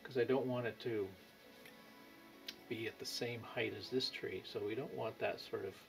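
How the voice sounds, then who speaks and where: A man giving an unhurried painting lesson, thinking aloud as he works, with pauses. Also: mid-range voice, steady tone, gravelly. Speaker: painting instructor. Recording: music playing behind.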